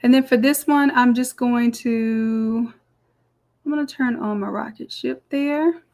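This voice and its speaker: A woman walking through a design software tutorial step by step in a chatty, explaining way. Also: fairly high pitch, a little slow. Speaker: design instructor. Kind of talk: screen-recorded software tutorial.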